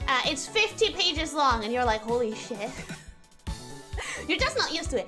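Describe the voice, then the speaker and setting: High-pitched, bubbly young woman streamer. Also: moderate pace. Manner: excitable, repeats herself, laughs often. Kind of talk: casual live-stream chat. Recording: music playing in the background.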